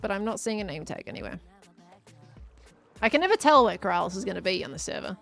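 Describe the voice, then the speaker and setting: A woman's voice: mid-range voice, very animated, fast talker, vocal fry, a bit bright, faint music behind. A woman chatting casually with her live chat while she plays, thinking aloud as she goes. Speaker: streamer.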